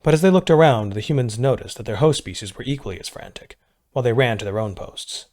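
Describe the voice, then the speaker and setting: A man narrating a military science fiction story in a measured, steady read. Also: mid-range voice. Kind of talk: scripted sci-fi narration.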